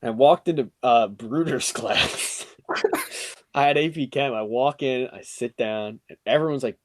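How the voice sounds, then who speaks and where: A man's voice: normal speed, no echo. Young man telling a story animatedly. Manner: animated, acts out quotes with rising pitch, filler-heavy "like". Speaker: podcast co-host telling a story. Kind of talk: casual storytelling chat.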